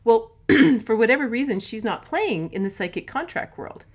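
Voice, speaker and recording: Lively chatty middle-aged woman. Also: on the high side, moderate pace. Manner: chatty, laughs easily, fillers like "like" and "right?". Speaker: host. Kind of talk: casual live talk.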